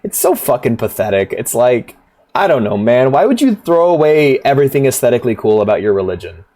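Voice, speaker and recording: A man's voice: medium pitch, very animated, brisk, warm tone. A man streaming a rhythm game, chatting casually in a rambling, profane way, laughing often. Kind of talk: casual livestream chat.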